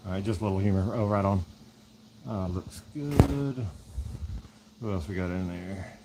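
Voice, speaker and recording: A knife maker making relaxed, rambling asides to a live chat as he works in his workshop. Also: low-pitched, moderate pace, heavy background noise. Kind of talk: casual chat while working.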